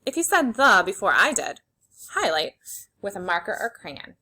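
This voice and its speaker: A woman teacher leading a phonics lesson for young children, slowly sounding out words and giving simple, encouraging instructions. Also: mid-range voice, sing-song, bright, forceful tone. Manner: slow, clearly segmented sounding-out of words.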